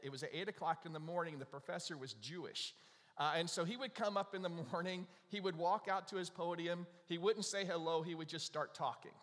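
Telling stories through his Easter sermon, this middle-aged pastor keeps asking the congregation "right?". He speaks with a fairly high, slightly bright voice, and a long hall reverb trails each line.

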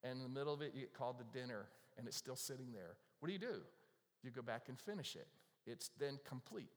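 Pastor preaching in an echoing hall. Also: male voice, medium pitch, lively intonation, fast. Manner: conversational, asks the congregation questions, acts out worried prayers. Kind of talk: sermon. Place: church with audience. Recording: long reverb of a large hall.

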